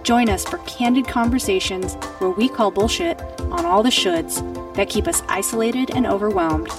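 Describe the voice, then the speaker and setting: A woman's voice: mid-range voice, normal speed, music in the background. A woman hosting a podcast, reading an upbeat scripted intro and then chatting loosely with her guest. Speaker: podcast host.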